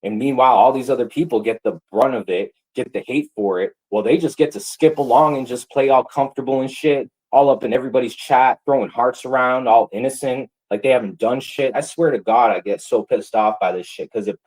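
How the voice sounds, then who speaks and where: A man's voice: mid-range voice, a little fast, hardly any pauses, darkish tone, poor audio. A man ranting angrily to his livestream viewers, heated, profane and repetitive. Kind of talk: angry livestream rant.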